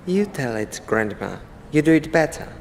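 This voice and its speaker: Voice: mid-range voice, big pitch swings, normal speed, long reverb tail, a little hiss or hum. An actor voicing a teasing, cryptic teenage boy in an audio drama. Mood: sly. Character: teenage boy, sly little con artist.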